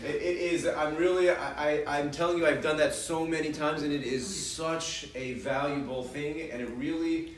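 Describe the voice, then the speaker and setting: A man's voice: on the high side, fairly even intonation, normal speed, few pauses, far from the mic. A man teaching a parenting class, talking in a chatty way with audience questions, often repeating and restarting his words. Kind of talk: casual lecture with audience questions. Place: large hall with an audience. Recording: echoey hall recorded from afar.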